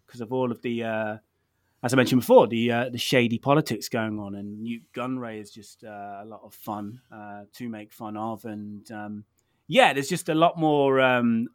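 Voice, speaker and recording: A man's voice: medium pitch, normal speed, no echo, clean studio sound. A man from near Birmingham in England, chatting casually on a podcast with a rambling, self-deprecating manner and lots of fillers. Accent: English, lived in London. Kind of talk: casual chat.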